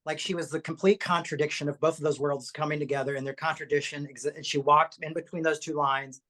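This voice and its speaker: A co-host in casual podcast chat, animated and chatty, laughing easily. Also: mid-range voice, quick pace.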